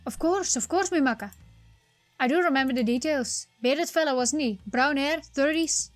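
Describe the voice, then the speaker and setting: A woman's voice: high-pitched, normal speed, no echo, faint music behind, pitched above the performer's own voice, lightly acted. A woman voicing a bumbling male police constable with a put-on Cockney accent, melodramatic and weepy, in a text game. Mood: apologetic. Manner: weepy, melodramatic, rhyming slang.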